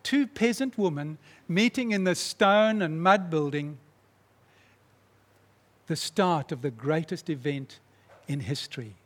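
Lively preacher guy telling a story, high voice, echoey hall. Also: slow, long pauses. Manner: animated, dramatic storyteller. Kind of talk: sermon storytelling. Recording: long reverb in a large hall.

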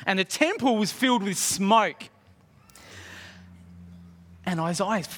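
Animated high-voiced preacher in a reverberant hall. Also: male voice, slow, pauses often. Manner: animated, acts out scenes, asks the congregation questions. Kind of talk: sermon.

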